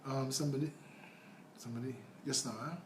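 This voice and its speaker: A man with a mid-range voice and a Trinidadian accent speaks briskly with fairly even intonation. He is a political candidate on a casual livestream, answering viewer comments in an earnest, rambling, conversational way. The recording sounds roomy, with faint noise.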